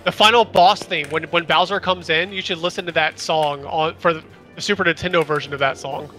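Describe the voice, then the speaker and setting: A young man chats loosely while streaming a shooter game. His voice sits a little high, with a bright, forward tone. He swears freely as he reacts to the match, with faint music playing underneath. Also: fairly even intonation, brisk. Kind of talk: casual gaming chat.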